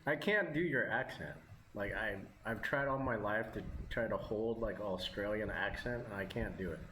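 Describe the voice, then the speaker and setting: A man's voice: fairly low pitch, moderate pace, sharp tone. Rambling man chatting while eating. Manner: rambling, chuckling often. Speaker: vlogger. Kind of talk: casual chat while eating on camera. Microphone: camera mic. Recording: roomy with background noise.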